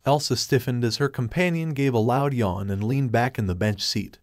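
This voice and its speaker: A man's voice: mid-range voice, normal speed, dry recording. Man narrating fan fiction, dry.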